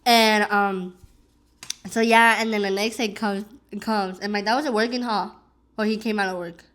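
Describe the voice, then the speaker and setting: A woman's voice: medium pitch, fairly even intonation, normal speed, fairly bright tone. A young woman vlogger at home, casually telling a long personal story while eating, rambling with many fillers and restarts.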